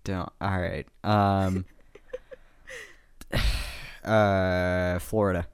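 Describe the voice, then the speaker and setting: Very low, slow deadpan woman. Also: clean tone, no room sound. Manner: dry, teasing, deadpan. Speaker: podcast co-host. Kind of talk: casual chat.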